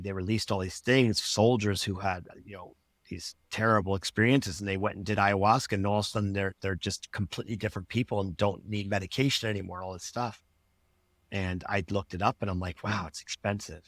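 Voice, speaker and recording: Male coach guest, low voice, earnest rambling storyteller, dry mic. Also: fairly bright tone, dry recording. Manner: earnest, rambling, acts out his own past remarks. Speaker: podcast guest, life coach. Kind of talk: personal storytelling in an interview.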